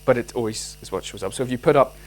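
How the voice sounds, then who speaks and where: A man with a Northern Irish accent giving a physics lecture and answering student questions, animated, restarting his sentences often with many fillers. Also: mid-range voice, quick pace, rough recording. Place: lecture hall.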